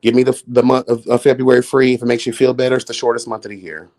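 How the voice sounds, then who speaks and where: A man doing casual live-stream commentary, sassy and flamboyant, swearing often, jumping into high exclamations and chatting with viewers. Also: little pitch movement, fast, a little mellow. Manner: chats with viewers in chat.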